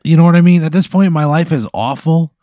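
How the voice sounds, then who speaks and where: A man's voice: a little high, fairly quick, mellow, dry recording. A man co-hosting a podcast, reacting in casual comedic banter with exasperated, profane remarks. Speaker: podcast co-host.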